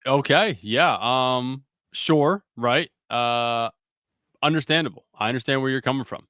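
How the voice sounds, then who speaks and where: Wry laid-back man, smooth clear voice. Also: medium pitch, unhurried, fairly bright tone, no room sound, studio quality. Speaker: podcast co-host. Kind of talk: casual sports betting chat.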